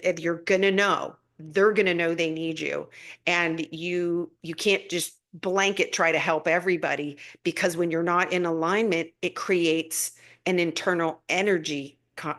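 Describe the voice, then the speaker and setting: A middle-aged woman chats casually through viewer comments on a live spiritual guidance stream. Her voice sits a little low for a woman, but she swoops up high when she gets excited and laughs easily. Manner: warm, animated, laughs often, swoops up in pitch when excited.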